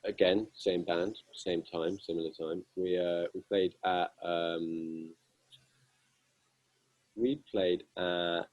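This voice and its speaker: Young man, very low husky voice, dry close sound, rambling amused storyteller, interview guest. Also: fairly even intonation, slow, darkish tone, no room sound, highs cut off. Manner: self-deprecating, amused, rambling with many fillers. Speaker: guitarist guest.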